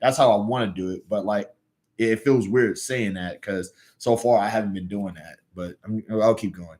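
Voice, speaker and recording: A man's voice: lowish voice, moderate pace, darkish tone. Hesitant Southern man chatting. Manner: hesitant, filler-heavy. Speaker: amateur reader. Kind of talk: casual aside while reading aloud.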